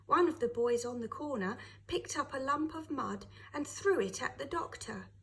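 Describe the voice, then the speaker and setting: A woman, a teacher, reading a children's novel aloud with expressive storytelling. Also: sits high, moderate pace, low-quality recording.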